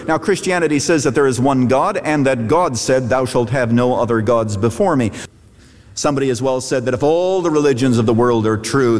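A middle-aged man, a pastor, preaching a sermon with emphatic rises and falls in pitch. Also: brisk, darkish tone. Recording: long hall reverb.

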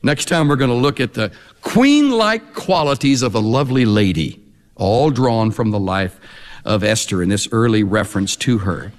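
A man preaching a sermon verse by verse, animated and conversational, with casual asides to the congregation. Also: mid-range voice, moderate pace, in a large hall. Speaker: pastor. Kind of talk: expository sermon.

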